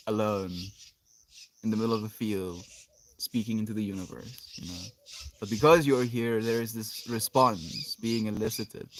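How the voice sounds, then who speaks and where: A man livestreaming from an open field outdoors, chatting casually with his viewers in a meandering, reflective way, his sentences often trailing off softly. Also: fairly low pitch, a little hiss or hum. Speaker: livestreamer reading chat.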